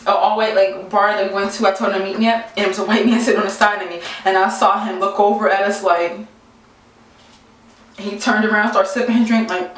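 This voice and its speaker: A young female vlogger tells a story casually to her camera, animated and exasperated as she acts out what people said. Her voice sits at a middle pitch. She is far from the mic in a very echoey room.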